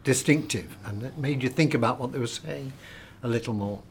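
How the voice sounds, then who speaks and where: A man's voice: mid-range voice, fairly quick. A man interviewed as an actor, talking in a chatty, self-deprecating way and often stumbling over his first words. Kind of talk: casual interview chat.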